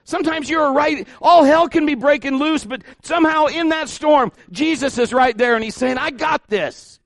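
A man preaching a sermon as pastor, informal and conversational, often rising in pitch and volume as he gets animated. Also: normal speed, no echo, studio quality. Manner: informal and conversational, with restarts and asides.

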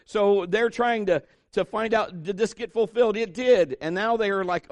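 A middle-aged pastor preaches in a loose, chatty way, tossing jokes and asides to his congregation. His voice sits a little high for a man. The sound is dry and close, with no room echo. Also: moderate pace, few pauses. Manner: conversational, joking, with asides to the congregation. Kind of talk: sermon.

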